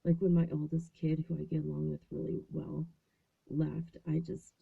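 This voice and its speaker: A woman's voice: deep voice, flat delivery, moderate pace, creaky, breathy edge. A woman in her fifties hosting a show, telling a story in a chatty, casual way from a small closet at home. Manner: chatty, acts out quoted voices. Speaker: host. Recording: phone-like narrow sound.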